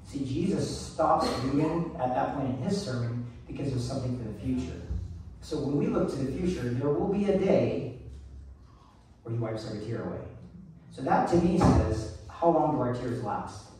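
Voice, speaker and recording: A man's voice: medium pitch, animated, moderate pace, dark tone. Male pastor, casual earnest sermon delivery, distant mic, reverberant church room with faint background hum. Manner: conversational, earnest, with many restarts.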